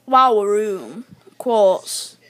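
A woman giving chatty live commentary while playing a video game, talking to herself with excitable outbursts. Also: medium pitch, drawn-out words. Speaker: gamer.

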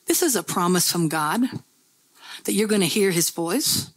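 Husky-voiced woman preaching conversationally. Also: on the low side, normal speed, no room sound. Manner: conversational, folksy storytelling with repeated phrases. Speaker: pastor. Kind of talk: sermon.

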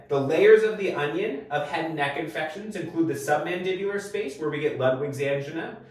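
Male medical lecturer, slightly high voice, methodical and clear, distant mic in a very echoey room. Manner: clear, methodical teaching with rhetorical prompts. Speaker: medical educator.

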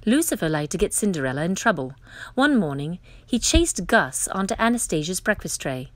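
A woman reading a children's story aloud as the storyteller, in an expressive, lilting way. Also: lowish voice, normal speed, no room sound.

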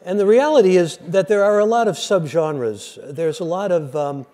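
A man's voice: high voice, moderate pace. An older man giving a lecture, telling jokes and acting out the voices in them. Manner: animated storyteller, acts out joke voices. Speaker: lecturer and radio host.

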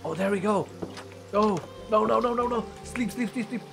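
A young man giving casual let's-play commentary, mumbling asides and bursting into loud yelps and cheers. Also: sits high, normal speed, gravelly, soft background music. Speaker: gaming commentator.

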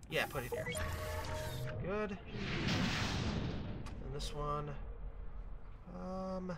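A man commentating his own gameplay, talking to himself, fretting and then hyping himself up with mock-dramatic shouts. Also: on the high side. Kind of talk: let's play commentary. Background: game music.

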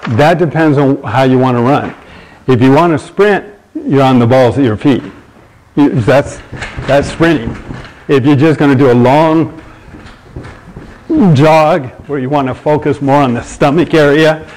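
A man's voice: mid-range voice, darkish tone, rough recording. A man in his sixties hosts a live fitness broadcast. He explains each exercise while demonstrating it, taking viewer questions in an easygoing instructional way. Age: 60s. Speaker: fitness show host.

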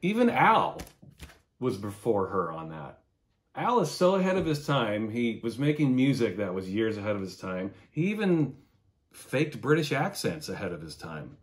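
A man in his forties talks through his record collection in a loose, enthusiastic way, with a casual curse dropped in here and there. His voice sits a little low. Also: sing-song, moderate pace. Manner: enthusiastic, chatty, swears casually. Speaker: music vlogger.

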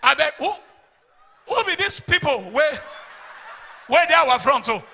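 A man playing a loud begging robber boss with a Nigerian accent. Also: very high voice, sing-song, unhurried, vocal fry, voice pushed up, exaggerated voice. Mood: pleading. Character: pleading male armed-robber gang leader.

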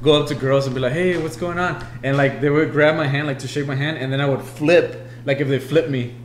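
Fast-talking man in an echoey room. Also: medium pitch, a little hiss or hum. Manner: animated storytelling, swears a lot, acts out his younger self. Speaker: podcast co-host. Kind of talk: casual chat.

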